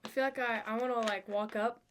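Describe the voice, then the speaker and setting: A woman's voice: on the high side, fairly even intonation, fairly quick, a little hiss or hum. A woman playing a tabletop game, thinking aloud hesitantly. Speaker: player. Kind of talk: tabletop role-play.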